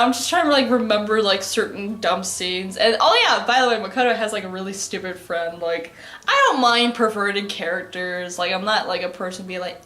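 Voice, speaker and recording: A woman's voice: medium pitch, fairly bright tone. Rambling, sarcastic young woman. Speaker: vlogger. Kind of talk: casual anime recap. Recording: roomy echo.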